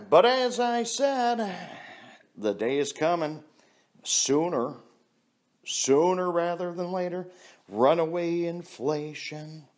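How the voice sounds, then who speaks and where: A man speaking in a blunt, profane ranting monologue. He talks slowly, his voice rising and falling a lot, and he laughs at his own stories. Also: on the high side, expressive. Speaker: vlogger.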